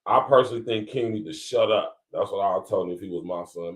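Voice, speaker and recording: This Columbus, Ohio–accented podcast host has a low voice and talks fast, barely pausing. He keeps things relaxed and casual with his live viewers, chuckling often.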